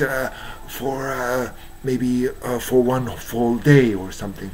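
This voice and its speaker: A man with a Japanese accent, hoarse from strain, giving a halting monologue full of fillers and restarts. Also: medium pitch, steady tone, a little mellow, slight background noise, low-quality recording. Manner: halting, many fillers and restarts, searching for English words. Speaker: YouTuber. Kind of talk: slow rambling monologue.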